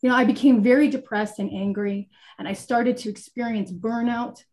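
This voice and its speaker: Woman, fairly high voice, earnest, candid testimony, video call. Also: fairly even intonation, normal speed, a little mellow. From Italian heritage. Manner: earnest, candid, with many fillers. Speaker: guest sharing her testimony. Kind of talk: personal faith testimony on a webinar.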